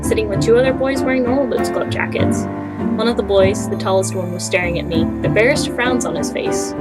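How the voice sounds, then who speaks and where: A young woman reading a visual novel aloud, tossing in casual asides between the narration. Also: medium pitch. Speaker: let's play reader.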